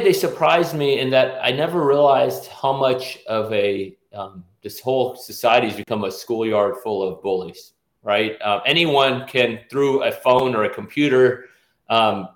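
Halting middle-aged man in a roomy space. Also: mid-range voice. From Nashville, US South. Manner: halting, many restarts and fillers. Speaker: guest, orthopedic surgeon and task force chair. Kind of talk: interview conversation.

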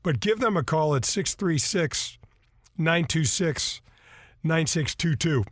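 A man's voice: on the high side, lively intonation, slow pace, no room sound, clean studio sound. A man hosting a golf radio show, chatting in a rambling, casual way with lots of fillers. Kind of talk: casual radio talk with live sponsor reads. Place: radio studio. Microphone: studio microphone.

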